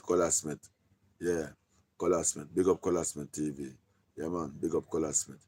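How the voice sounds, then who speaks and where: A Jamaican man talking casually on a live stream, giving shout-outs in loose patois and repeating his catchphrases. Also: low-pitched, fairly even intonation, moderate pace, a little hiss or hum.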